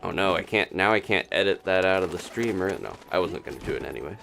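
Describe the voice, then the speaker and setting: A man casually commentating his own gameplay on a live stream, chatting and thinking aloud with quick little laughs. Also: deep voice, expressive, gravelly, a bit bright, a little hiss or hum. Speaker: gaming streamer.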